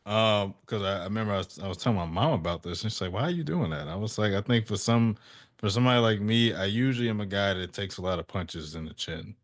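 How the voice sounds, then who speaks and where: Deep-voiced thirtysomething man, reflective. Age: 30s. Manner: reflective, talks things through slowly. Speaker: podcast host. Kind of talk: casual conversation.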